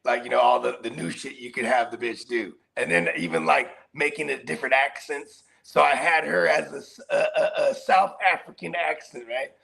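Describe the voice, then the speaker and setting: A man's voice: medium pitch, moderate pace, vocal fry, hardly any pauses. A man co-hosting a casual podcast chat, telling stories with acted-out quotes and frequent laughter. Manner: animated storyteller, acts out quotes, laughs often. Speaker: co-host.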